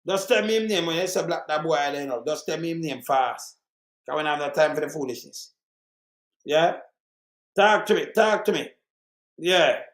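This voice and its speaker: Furious high-voiced Jamaican man ranting. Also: fairly quick, reverberant. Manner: heated, repetitive, cursing, swings to shouting. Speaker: channel host commenting on murder statistics. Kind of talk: angry political rant over charts.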